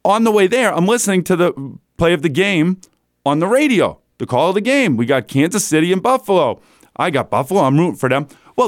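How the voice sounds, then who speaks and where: A man hosting a solo sports talk show from a studio, chatting in a casual, animated way and chuckling as he goes. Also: a little high, no echo. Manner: animated, chatty, laughs between lines.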